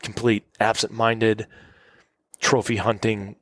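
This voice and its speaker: A man telling hunting stories in a relaxed, animated podcast conversation, acting out the people in his tales. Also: fairly low pitch, slow, dry recording. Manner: animated, acts out quotes. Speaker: guest hunter. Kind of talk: casual storytelling. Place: cabin.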